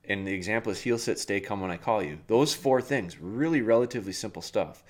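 Guy on a dog training podcast, kinda low voice, just talking it through plain and practical. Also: a little fast. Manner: plainspoken, talks the listener through everyday scenarios. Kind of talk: casual advice talk.

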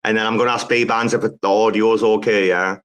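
A man's voice: fairly low pitch, flat delivery, fairly quick, a bit bright. A man hosting a casual chat, joking around and swearing freely. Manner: loose, swearing, joking banter. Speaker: host.

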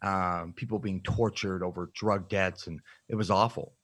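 A man with a very low voice tells his story candidly as an interview guest. He speaks in a reflective, halting way, and the sound is close and dry with no room echo. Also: fairly even intonation, a bit bright. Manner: frank and reflective, halting with fillers. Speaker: podcast guest, nutrition coach.

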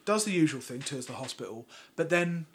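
A man co-hosting a podcast in casual chat, animated and sardonic, talking in long run-on sentences. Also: a little high, brisk, slight background noise. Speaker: podcast co-host.

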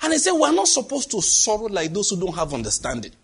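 A man preaching a sermon, animated and dramatic, acting out voices and sound effects. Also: high-pitched, fast, breathy edge.

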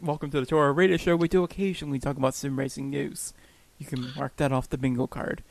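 A man co-hosts a casual podcast chat in a gravelly, mid-range voice, keeping a level tone and a quick pace. He laughs often and pokes fun at himself, with no echo on the recording.

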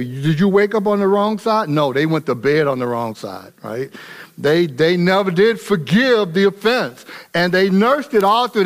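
Animated man preaching a sermon. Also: high voice. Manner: animated, colloquial and humorous. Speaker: pastor.

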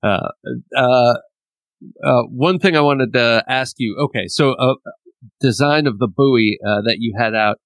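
A man hosting a podcast, asking questions in a halting way with many fillers. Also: mid-range voice, no echo. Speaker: podcast host. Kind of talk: casual interview talk.

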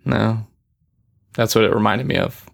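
A man co-hosting a game podcast, bantering in a wry, deadpan way during casual chat. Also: on the low side, unhurried, creaky. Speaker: podcast co-host.

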